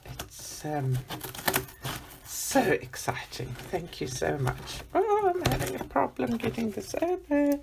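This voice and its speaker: A woman chatting excitedly as she unboxes gifts for her vlog, gushing and gasping with delight. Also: a little high, slow, creaky, heavy background noise.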